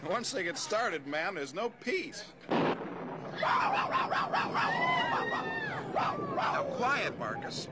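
An actor playing an earnest teenage schoolboy on a band trip, fussing over his dog in an old-time radio drama. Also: high voice. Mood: coaxing. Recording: radio drama with music behind.

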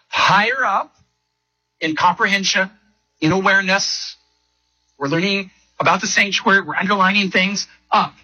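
A man preaching a sermon to a congregation, animated, leading call-and-response and acting out quotes. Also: high-pitched, breathy edge, muffled recording. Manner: acts out quotes in shifting voices. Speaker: pastor.

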